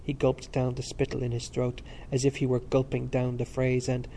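A man reading a novel aloud as narrator, steady and measured. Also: medium pitch, a little hiss or hum. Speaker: audiobook narrator. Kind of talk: scripted narration.

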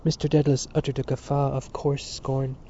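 A man reading a novel aloud as narrator, in a measured, expressive way. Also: mid-range voice. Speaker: audiobook reader. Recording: dull lo-fi recording.

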